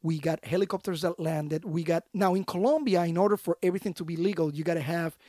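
A man, a podcast guest and army veteran, telling stories in a casual, slangy, animated way in a studio. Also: a little high, quick pace, no echo. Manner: animated, slangy, acts out other voices. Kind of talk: casual storytelling.

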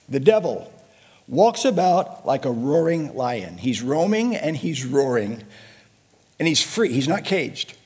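A middle-aged man preaching with a husky, slightly raised voice that rises and falls widely. He takes his time, stretching his phrases out slowly. His delivery swings between hushed, low passages and loud, emphatic declarations. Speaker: pastor. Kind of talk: sermon.

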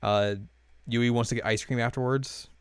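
Man, casual co-host, smooth clear voice, dry close sound, rambling recap style. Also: medium pitch, steady tone, no echo. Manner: loose and rambling, many fillers and quick quoted voices, laughs often. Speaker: podcast co-host recapping an anime episode. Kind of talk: casual chat.

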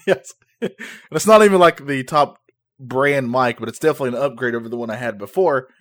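A man's voice: medium pitch, fairly quick, dry recording, studio quality. A man co-hosting a podcast in casual chat, joking and laughing often, for whom English is not his first language. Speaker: podcast co-host. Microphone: new podcast microphone.

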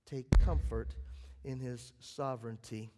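A man preaching a sermon as pastor, swinging between loud emphatic bursts and quiet, low passages. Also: steady tone, unhurried, heavy background noise. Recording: long hall reverb.

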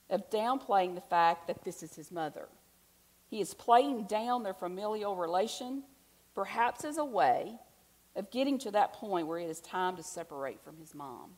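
A woman preacher with a voice on the low side delivers a conversational sermon, telling stories in a chatty, animated way and posing rhetorical questions to the congregation. The audio quality is poor.

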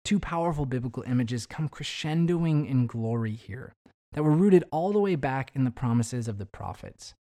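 A man delivering a sermon in a mellow, warm voice, reading scripture aloud and lifting his emphasis as he goes. His pitch sits in an ordinary middle range. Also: expressive, moderate pace. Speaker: preacher.

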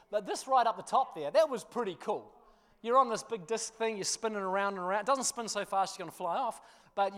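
High-voiced New pastor, animated. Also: male voice. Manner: animated storyteller, laughs through the tale, drops quiet for scripture. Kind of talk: sermon with personal story.

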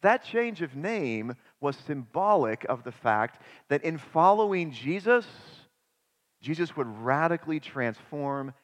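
Male pastor, somewhat high voice, emphatic sermon delivery in a church with long reverb. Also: sing-song, measured pace. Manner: emphatic, with rhetorical questions and sudden drops to quiet.

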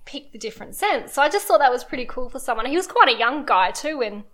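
High-voiced woman telling a story. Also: lively intonation, fast, a bit bright. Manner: rambling anecdotal storyteller. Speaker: podcast co-host. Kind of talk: casual chat.

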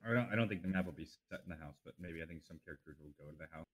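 A man co-hosting a podcast in casual chat, hesitant and halting. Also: low-pitched, a bit bright, slightly rough, no room sound, clean studio sound. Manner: hesitant, halting, lots of fillers. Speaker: podcast co-host.

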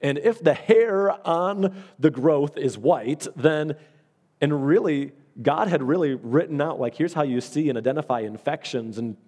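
A male pastor with a mellow, mid-range voice delivers a storytelling sermon in a conversational way, acting out the voices of the people in his stories. The recording carries the long reverb of a large hall.

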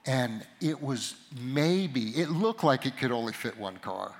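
A middle-aged man giving a sermon to a live audience, telling a story about himself with animated, self-mocking humor. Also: medium pitch, unhurried. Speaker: pastor or conference speaker.

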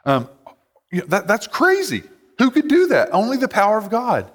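A man's voice: high voice, huge pitch swings, normal speed. A man preaching a sermon in a casual, conversational way, full of "like" and "you know.". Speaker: pastor. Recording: long hall reverb.

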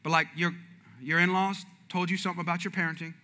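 Man, pastor, humorous sermon, high voice, very bright tone, animated storytelling. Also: fast. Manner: animated, jumps to high excited pitch in acted-out stories.

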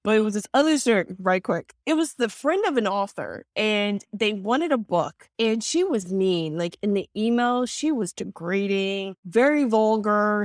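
A woman guest in a casual podcast interview, telling workplace stories in a lively way and acting out heated exchanges. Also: medium pitch, no room sound, clean studio sound.

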